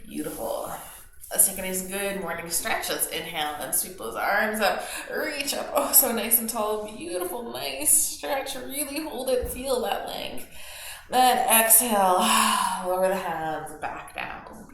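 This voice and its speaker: Brief: gentle, encouraging woman guiding a yoga class, very roomy echo, faint background noise. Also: medium pitch, expressive, measured pace. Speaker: yoga instructor. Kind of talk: guided yoga class instruction. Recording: very echoey room with faint noise.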